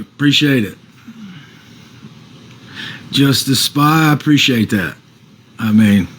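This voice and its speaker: A man's voice: mid-range voice, a little hiss or hum, low-quality recording. A man on a casual livestream, reading out viewer comments and answering them defensively, with some swearing.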